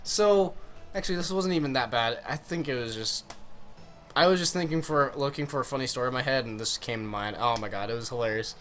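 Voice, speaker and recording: A man's voice: medium pitch, fairly quick, fairly bright tone, faint music behind. A young man casually telling a funny story on his vlog, rambling and swearing as he goes. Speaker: vlogger.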